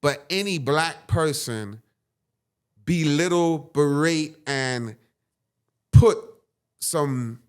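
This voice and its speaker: A man, a guest on an interview show, telling a personal story with dramatic, animated delivery and frequent "right?"s. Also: a little high, drawn-out words, pauses often, clear, resonant tone.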